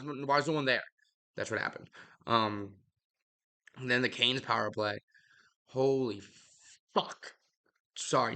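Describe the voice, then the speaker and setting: Breathless young man, bright casual hockey talk. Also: mid-range voice. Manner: rambling, blunt, swears freely. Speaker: podcast host.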